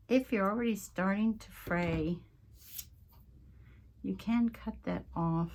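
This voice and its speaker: A woman with a Southern American accent chatting casually as she crafts, homey and prone to drifting off topic, with a slightly husky voice and frequent throat-clearing. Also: mid-range voice, unhurried, darkish tone. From Southern United States. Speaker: crafting channel host. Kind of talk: casual craft-along chat.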